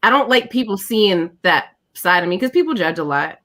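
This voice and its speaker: A woman's voice: mid-range voice, lively intonation, moderate pace, sharp tone. A woman guest on a casual group chat, speaking candidly and with animation. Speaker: panel guest.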